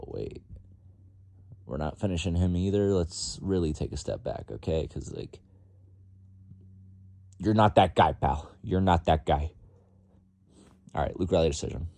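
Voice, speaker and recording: A man's voice: rumbling low, dark tone, dry recording. A young man giving casual, rambling, profane fight predictions in a vlog. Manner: rambling, profane, lots of fillers.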